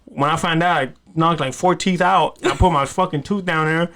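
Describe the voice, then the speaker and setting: A man's voice: a little high, steady tone, normal speed, a loud crowd. A man hosting a podcast, telling stories in a loose, profane, rambling way with many restarts. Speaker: podcast host. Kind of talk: casual storytelling chat.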